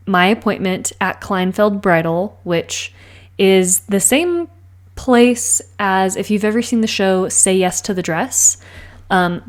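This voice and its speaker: Chatty young woman gushing as a vlogger. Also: medium pitch. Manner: chatty, gushing, many fillers. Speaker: planner vlogger. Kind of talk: casual vlog voice-over.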